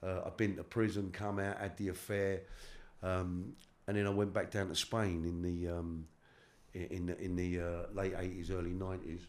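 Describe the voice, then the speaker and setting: A middle-aged man from London with a London accent, a guest in a candid interview, talking haltingly with casual slang and repeated words. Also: low-pitched, little pitch movement, darkish tone. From London, England. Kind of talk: candid life-story interview.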